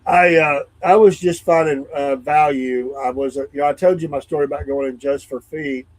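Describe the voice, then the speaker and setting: An older man with a high voice, telling stories on a talk show. He talks animatedly, his voice climbing when he gets riled up. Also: fairly even intonation, moderate pace, poor audio. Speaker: co-host. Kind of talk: casual chat.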